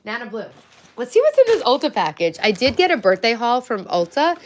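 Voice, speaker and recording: A woman's voice: on the high side, wildly swooping pitch, fairly quick. A woman in her forties hosting a casual livestream from home, chatting and thanking viewers by name. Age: 40s. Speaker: livestream host.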